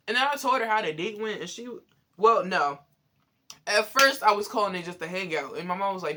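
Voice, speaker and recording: A young man telling a story in a casual, animated, profane way, exasperated and often laughing. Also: high-pitched, fast talker, a little hiss or hum. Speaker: vlogger.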